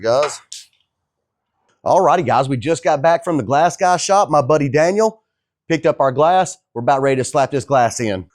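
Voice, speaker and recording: A man's voice: medium pitch, a little mellow. A man talking casually to viewers while working on a truck in his home garage, joking as he goes. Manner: joking, laid-back, talks to viewers as guys. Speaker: DIY truck builder. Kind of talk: casual how-to vlog.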